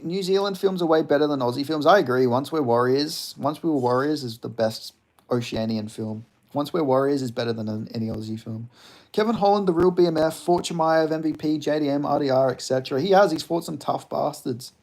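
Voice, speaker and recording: A man's voice: a little high, a little fast, a little mellow. A young man hosting a livestream, reading chat and chatting loosely, laughing and swearing freely. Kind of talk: casual stream chat.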